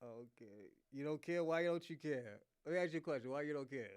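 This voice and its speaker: Man, livestream host, high voice, mocking, frequent laughs, dry close sound. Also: animated, a little fast, clear, resonant tone, no echo. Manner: mocking, laughs often, repeats himself. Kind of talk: casual livestream rant.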